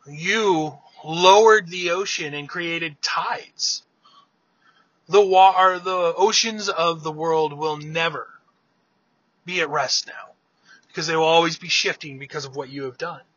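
A man voicing a grave, wary male giant king in a casually told myth, speaking in a solemn, measured way. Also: on the high side, fairly bright tone, husky, dry recording, muffled recording.

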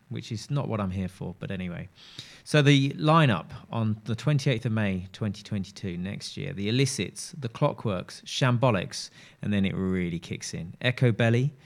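A man presenting a music radio show in a loose, rambling, upbeat chat. His voice sits a little low, and he talks as if to old friends. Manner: chatty, rambling, enthusiastic.

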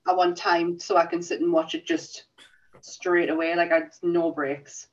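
A woman co-hosting a casual podcast chat, enthusiastic and quick to laugh. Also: lowish voice, flat delivery. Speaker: podcast co-host. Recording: distant, dull lo-fi sound.

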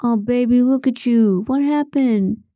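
A smarmy young man who fawns and coos over the woman he is talking to, as a woman puts him on while reading an audiobook. His voice is mellow and dry, close to the mic. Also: fairly high pitch, measured pace, no echo, voice pushed up, close to an everyday voice. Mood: fawning. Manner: cooing and fawning.

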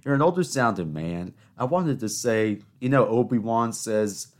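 A man's voice: lowish voice, animated, moderate pace. A man in his twenties hosting a solo podcast, rambling and self-mocking, rising into exasperated rants. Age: 20s. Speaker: podcast host. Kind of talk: casual solo podcast monologue.

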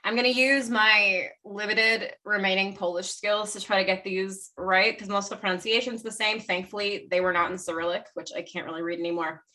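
Rambling bright-voiced woman. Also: mid-range voice, steady tone, fairly quick, few pauses, far from the mic. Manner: rambling and chatty, with frequent self-corrections. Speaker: podcast co-host presenting the research. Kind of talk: casual chat.

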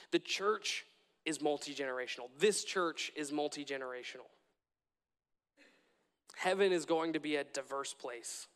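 A man's voice: a little high, fairly bright tone, long reverb tail. A young man preaching a sermon in a church, earnest and repetitive, often restarting his phrases.

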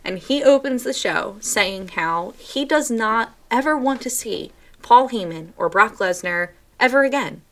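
Female co-host, relaxed banter, dry and inquisitive. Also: on the high side. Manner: wry, questioning, quick to laugh. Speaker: podcast co-host. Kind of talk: casual wrestling chat.

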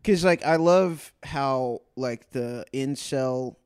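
A man's voice: medium pitch, slow pace, darkish tone, smooth, dry recording, clean studio sound. A young man co-hosting a podcast, giggling and rambling in casual chat. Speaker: podcast co-host.

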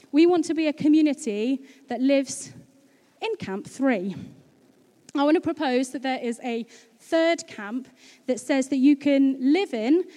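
A woman's voice: fairly high pitch, dark tone. A chatty, bubbly woman, giving a casual sermon to her congregation as pastor. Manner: bubbly and chatty, laughing easily.

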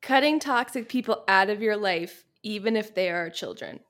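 A woman's voice: medium pitch, lively intonation, moderate pace, fairly bright tone. A woman from the United States co-hosting a casual chat podcast, telling rambling stories and laughing often. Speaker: podcast co-host.

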